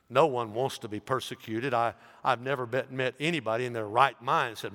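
A male pastor preaching a sermon with fervor, building loud and high on his emphatic points and dropping low and quiet for asides. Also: brisk. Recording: long hall reverb.

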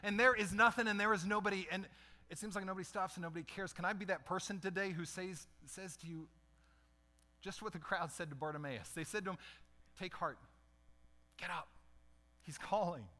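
A man's voice: high-pitched, fast talker, bright, forceful tone. A middle-aged man preaching a conversational sermon as a pastor, putting questions to his listeners.

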